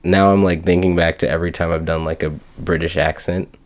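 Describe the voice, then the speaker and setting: A young man with a very deep voice co-hosts a relaxed podcast chat. He rambles, stops and restarts, and slips into quick voices when he retells a story. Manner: rambling, restarts, acts out quotes. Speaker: podcast co-host. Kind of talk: casual chat.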